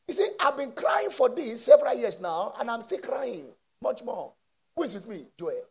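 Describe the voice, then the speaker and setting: A man preaching a sermon with impassioned call-and-response and shouted peaks. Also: very high-pitched, very animated, moderate pace, husky.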